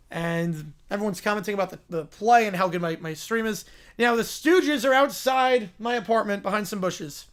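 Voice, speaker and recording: A man's voice: sits high, normal speed, a bit bright. A man hosting a live sports reaction stream, playfully reading out skits and laughing often. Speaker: livestream host.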